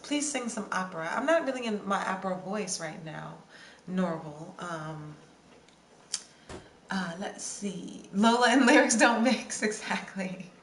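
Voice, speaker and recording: Speaking in a mid-range voice at a measured pace with lively intonation, a young livestream host chats loosely with viewers and reads their comments. She's chatty and scattered, singing bits in reply to song requests; the recording sounds roomy with faint background noise.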